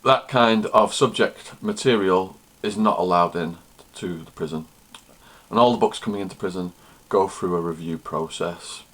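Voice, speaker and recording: A man's voice: low voice, moderate pace, a bit bright. A man, a former prisoner and author, answering questions and telling stories to camera in a plain, matter-of-fact way. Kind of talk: storytelling to camera.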